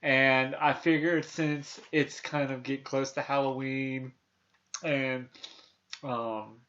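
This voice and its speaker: Thirties male host, casual movie chat, rambling delivery, mid-pitched voice, slightly dull recording. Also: level tone, slow pace, fairly bright tone. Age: 30s. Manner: rambling, many restarts and fillers, retells scenes. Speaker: podcast host.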